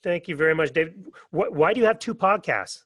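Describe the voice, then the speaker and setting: A man hosting a podcast, thanking and questioning his guest in a halting way with many fillers. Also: fairly high pitch, expressive, fairly bright tone, no echo. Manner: hesitant, filler-heavy. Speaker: podcast host. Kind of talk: casual interview chat.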